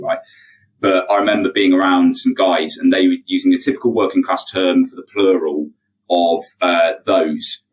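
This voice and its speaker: A young man from England speaks as a podcast guest in a deep, low voice. He talks bluntly and emphatically, stumbling over repeated words as he goes. He sits a little back from the microphone, so the sound sits slightly distant. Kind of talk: casual conversation.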